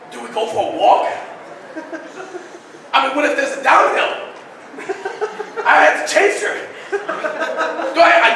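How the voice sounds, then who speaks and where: A man's voice: very high-pitched, pushed and bright, a little hiss or hum. A young man doing stand-up, telling a rambling, self-deprecating story to a comedy club audience, heard through a roomy club sound from a distant mic.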